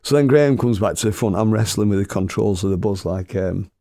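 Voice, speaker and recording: A man with a gravelly voice telling a comic story, swearing and chuckling as he goes. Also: fairly low pitch, a little fast, warm tone, no room sound, studio quality. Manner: swearing, chuckling anecdotal delivery.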